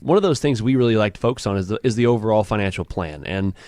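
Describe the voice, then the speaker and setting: A man's voice: on the low side, quick pace, no echo. A man working as a financial advisor, chatting casually on a radio show with plenty of fillers and restarts. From Southern California. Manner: relaxed, with frequent fillers and restarts.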